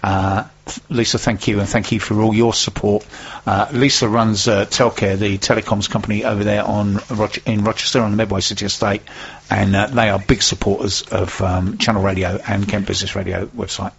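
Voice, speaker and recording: A man's voice: lowish voice, level tone, brisk, vocal fry, muffled recording, slight background noise. A man hosting a local business radio show in casual chat, rambling with plenty of fillers. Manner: chatty, rambling, many fillers.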